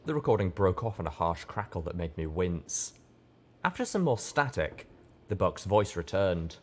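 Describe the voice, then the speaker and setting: There's heavy noise over this clip of a man narrating a first-person story for an audiobook. His voice is deep and low, and he reads in a calm, steady way.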